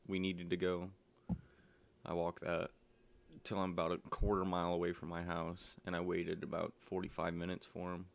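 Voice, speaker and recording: A man's voice: sits low, creaky. A man casually telling a personal story, rambling with lots of ums and likes.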